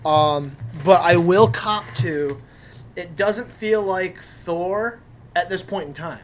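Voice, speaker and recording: A man with a slightly high voice talks in a casual chat about movies, animated and opinionated, dropping the odd swear. A faint noise sits under his voice. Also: slow. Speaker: podcast host.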